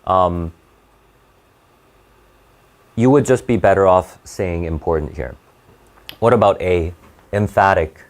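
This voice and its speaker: A low-voiced young man runs a test-prep class. He talks in a halting, chatty way and keeps restarting his sentences as he works through each question. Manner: halting and conversational, with many restarts and fillers. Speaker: SAT tutor. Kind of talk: live classroom lesson.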